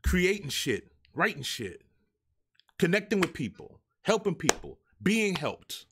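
A man's voice: sits high, big pitch swings, unhurried, background noise. A man hosting his own live show, ranting in a profane, exasperated way to the people who send him music. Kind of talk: ranting live stream talk.

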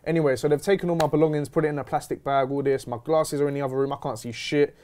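A young man telling a story in casual chat, slangy and animated. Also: a little high, racing, a little hiss or hum. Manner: animated, slangy, retelling with quoted dialogue. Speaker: host.

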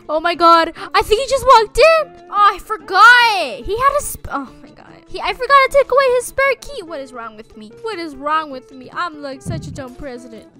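Bright, high-voiced panicky woman gamer. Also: lively intonation, normal speed, few pauses, soft background music. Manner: panicky, exclaiming, repeats phrases. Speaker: gamer and channel host. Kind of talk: roleplaying gameplay commentary.

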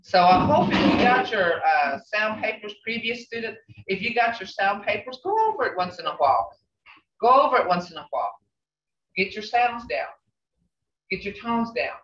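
An older woman teaching a language class, speaking slowly and repeating phrases with emphatic questions. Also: mid-range voice, animated, fairly bright tone. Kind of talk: language lesson. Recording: roomy, distant, dull sound.

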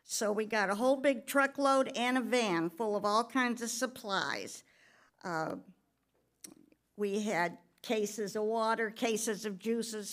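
During a church service, a pastor's wife gives a personal testimony, telling her story conversationally with the occasional filler. Her voice is medium in pitch.

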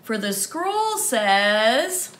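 A woman's voice: on the high side, very animated, drawn-out words, a bit bright, reverberant, full character voice. A woman voicing a timid, polite young male squire in a children's storybook reading. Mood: earnest polite. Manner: polite, respectful, pleading.

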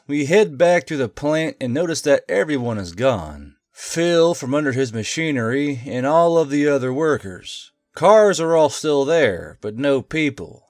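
A male text-to-speech voice reading a tabletop game story in an even, unhurried way. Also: medium pitch, no room sound, studio quality. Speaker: narrator. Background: faint music.

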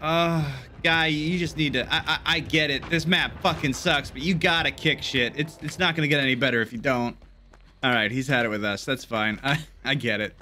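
A young man giving casual, jokey gameplay commentary, excitable and swearing often. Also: fairly high pitch, a little hiss or hum. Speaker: gaming YouTuber.

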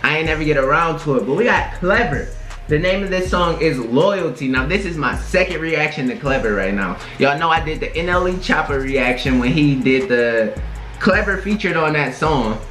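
A man's voice: a little high, expressive, normal speed, fairly bright tone. A man in his twenties hosting a casual reaction video. He talks in a slangy, laid-back way, sprinkling his sentences with "bro" and "bruh". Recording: roomy echo with faint music. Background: faint music from the video being reacted to.

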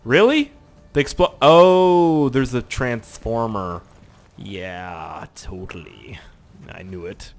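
Young male gamer, let's play commentary, goofy rambling delivery, swings high and low. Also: lively intonation, slow pace, faint music behind. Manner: rambling, joking, swears a lot. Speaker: gaming YouTuber.

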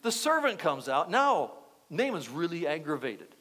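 Animated high-voiced male preacher. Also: normal speed. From United States. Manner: animated storytelling, acting out quotes. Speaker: pastor. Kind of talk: sermon.

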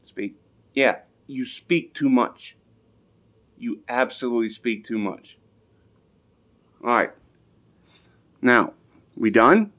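A man, scolding his pets in a home basement for a casual vlog in a mock-stern way that keeps softening into affection. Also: mid-range voice, takes it slowly, pauses often. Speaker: pet owner.

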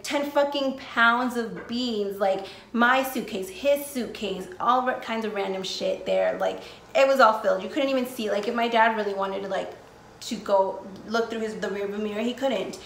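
A woman's voice: medium pitch, creaky, a bit bright. A young woman from the United States telling a storytime vlog in casual talk, full of swearing and "like". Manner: casual, swears often, heavy use of "like". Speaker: vlogger. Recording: echoey room, faint noise.

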